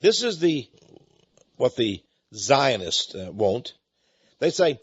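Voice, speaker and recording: A man's voice: mid-range voice, very animated, slow pace, pauses often, breathy edge, muffled recording. A man hosting a radio talk show, making a folksy, chatty appeal to listeners and often repeating his words.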